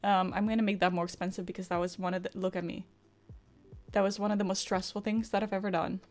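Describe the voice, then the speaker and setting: A woman's voice: mid-range voice, flat delivery, fast, a little mellow, soft background music. A woman streamer chatting and swearing live with her viewers, stressed and frazzled. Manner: frazzled, swearing, improvised singing. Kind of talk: casual live-stream chat.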